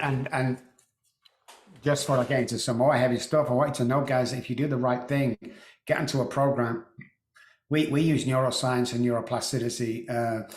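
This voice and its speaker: Halting man with a roomy echo. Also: medium pitch. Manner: halting, repeats words, clears throat often. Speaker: guest. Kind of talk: emotional personal storytelling.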